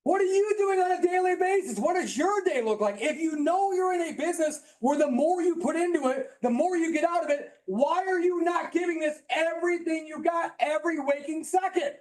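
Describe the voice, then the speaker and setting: Very high-voiced fired-up male speaker. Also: a little fast, few pauses. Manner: emphatic, preachy, sometimes yelling. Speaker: motivational speaker at a business training. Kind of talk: high-energy motivational seminar talk. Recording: roomy echo in a hall.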